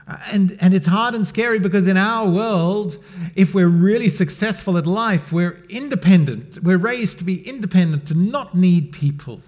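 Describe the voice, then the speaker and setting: A middle-aged man preaching a sermon in a conversational way, swinging from loud emphasis to a near-whisper. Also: high voice, normal speed. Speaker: pastor.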